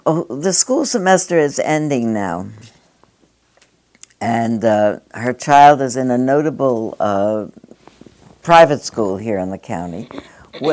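A woman's voice: rumbling low, a little mellow. An older woman giving a reflective spoken address to a gathering, rambling and digressive, with conversational asides.

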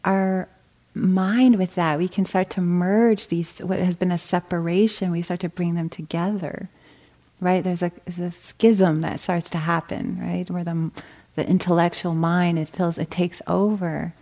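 A woman meditation teacher giving a gentle dharma talk, often checking in with a soft "right?". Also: on the low side, fairly even intonation, measured pace.

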